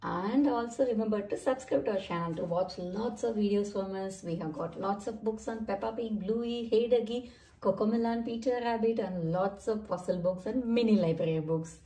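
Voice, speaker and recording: A woman reading a children's storybook aloud, speaking slowly and addressing children. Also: medium pitch, warm tone. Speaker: storybook reader. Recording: echoey room, far from mic.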